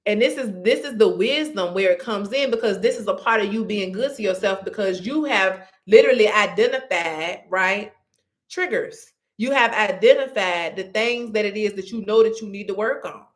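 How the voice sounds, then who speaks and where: A woman hosting a motivational faith podcast, talking in a lively, conversational way and calling listeners y'all and honey. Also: medium pitch, normal speed. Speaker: podcast host.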